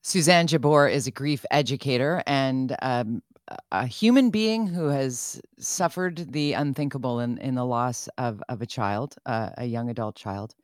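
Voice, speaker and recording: A woman's voice: a bass voice, measured pace, few pauses, no room sound, clean studio sound. A woman hosting a radio interview, speaking candidly and with self-deprecating humor, often laughing as she talks. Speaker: radio host.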